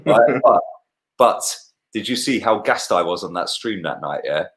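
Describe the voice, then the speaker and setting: A man's voice: fairly low pitch, lively intonation, a little slow. A young man, chatting animatedly about football with lots of slang and swearing. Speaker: football podcast co-host. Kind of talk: casual football chat.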